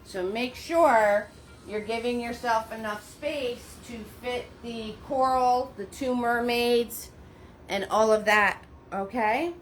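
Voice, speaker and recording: A woman's voice: fairly high pitch, slow. A woman leading a live online painting class from her home, chatty and encouraging, laughing often and greeting viewers by name. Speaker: paint party instructor. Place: her home studio, indoors. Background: faint background music.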